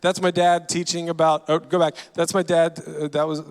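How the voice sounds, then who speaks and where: A man in his forties from Louisiana, a guest comedian telling self-deprecating stories from a church stage with dry punchlines and quick asides. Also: fairly high pitch, little pitch movement. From Louisiana, USA. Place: large church auditorium. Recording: long hall reverb.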